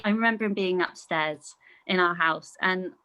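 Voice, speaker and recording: A woman's voice: on the low side, normal speed, clear, resonant tone, highs cut off. A middle-aged woman chats easily as a podcast guest. She tells her stories in a loose, conversational flow and acts out the quoted lines of others along the way. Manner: chatty, storytelling with acted-out quotes and laughs. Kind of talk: casual conversation.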